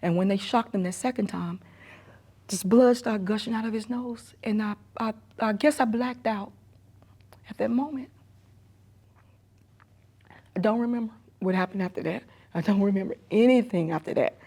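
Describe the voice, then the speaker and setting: Middle-aged woman, hushed halting testimony. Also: mid-range voice, slightly rough. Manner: halting, repetitive retelling, often sinking to a hushed near-whisper. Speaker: emergency room nurse and grieving mother. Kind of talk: personal testimony in a documentary interview.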